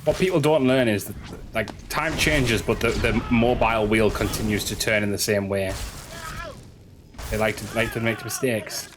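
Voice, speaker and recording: A man's voice: lowish voice, steady tone, moderate pace, background noise. Rambling man chatting on a game stream. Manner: rambling, stumbles and repeats words, swears casually. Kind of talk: casual gameplay stream chat.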